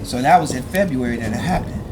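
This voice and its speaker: A middle-aged man talks as a guest. He is an animated storyteller, heavy on street slang and swearing, with a mid-range voice. A clear hiss of background noise runs under the recording. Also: mid-range voice, quick pace. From Chicago, USA. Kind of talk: casual storytelling in conversation.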